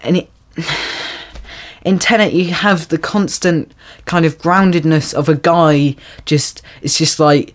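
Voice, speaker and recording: A young adult hosting a solo podcast, ranting in exasperation with many restarts and sudden high-pitched jumps when mocking. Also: fairly even intonation, slow pace. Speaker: podcast host. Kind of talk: solo film-review rant.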